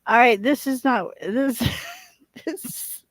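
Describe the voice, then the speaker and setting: Woman, livestream guest, casual chat, laughs a lot, playful teasing, slow pace. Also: on the high side, dry recording, rough recording. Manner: giggly and playful, laughs often.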